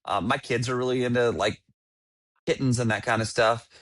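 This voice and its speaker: A man's voice: medium pitch, steady tone, normal speed, fairly bright tone. A man in his thirties, co-hosting a podcast, chatting enthusiastically and rambling. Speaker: podcast co-host. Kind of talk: casual chat.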